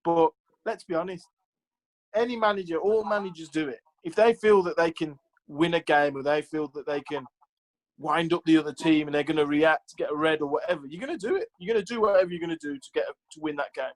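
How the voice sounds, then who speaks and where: A man's voice: a little high, quick pace, low-quality recording. A man who is a former professional footballer, telling stories casually as an interview guest, with lots of "like" and "you know" and acted-out quotes.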